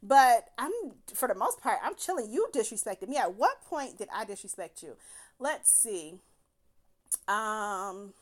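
A woman tells a personal story in a lively, swooping voice that sits a bit high. She swears freely and laughs through her words, animated and unfiltered. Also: a little slow.

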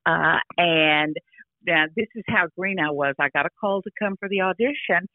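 An older actress chatting casually as an interview guest over a phone line, rambling with restarts and frequent "you know". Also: female voice, lowish voice, normal speed, no echo. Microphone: phone call.

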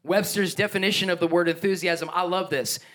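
A man preaching a sermon as pastor, energetic and emphatic, with playful asides and chuckles. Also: high-pitched, fairly quick.

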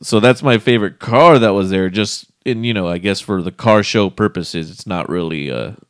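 Laid-back man for casual car talk, deep-ish clean voice, dry close recording. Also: moderate pace, smooth, dry recording. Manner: laid-back, laughs often, swears casually. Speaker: co-host. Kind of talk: casual chat.

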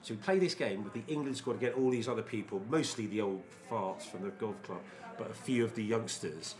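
A man in his fifties, co-hosting a podcast from a pub, telling casual anecdotes as a lively storyteller who swears freely. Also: fairly low pitch, a little fast. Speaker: podcast co-host.

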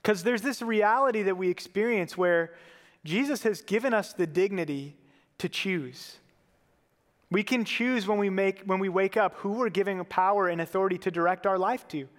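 A man with a high-pitched voice preaches a sermon in a church, earnest and conversational and dropping in casual fillers. His voice carries a long hall reverb behind it. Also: moderate pace. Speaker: pastor.

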